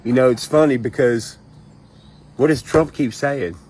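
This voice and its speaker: A man telling a rambling, profane story to his audience, mocking others in high put-on voices and laughing often. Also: measured pace, a little mellow. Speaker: online commentator ranting to his audience. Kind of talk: casual profane rant.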